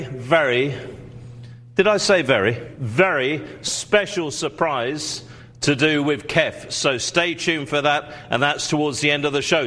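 A male auction host with a somewhat high voice, talking fast and pushing viewers to call in. He leans on fillers and keeps addressing the audience. It sounds like a live TV sales pitch. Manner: salesy, many fillers, repeats "ladies and gentlemen".

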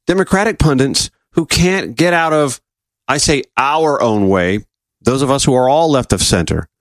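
A man's voice: medium pitch, dry recording. A man speaking in a casual, opinionated political commentary monologue, firing off rhetorical questions.

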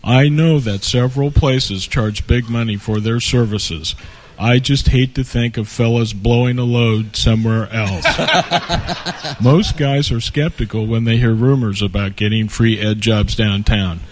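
A man speaks slowly and earnestly, like a pitchman in a spoof infomercial. His voice sits at a middle pitch. There is audible noise over the recording. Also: steady tone, darkish tone. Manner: earnest salesman delivery full of double entendres. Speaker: comedy sketch performer. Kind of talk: mock infomercial spiel. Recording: noisy studio recording.

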